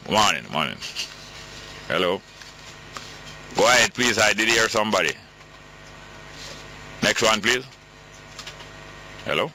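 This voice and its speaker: A man's voice: on the low side, animated, slow, pauses often, bright, forceful tone, slight background noise, low-quality recording. A man with a Jamaican accent hosting a call-in radio talk show, reading listener texts and commenting in patois.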